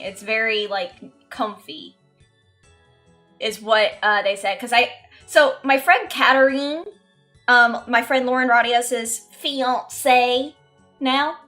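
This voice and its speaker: Bright-voiced woman streamer. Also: fairly high pitch. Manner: chatty, self-mocking, swears freely. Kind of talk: casual game streaming chat.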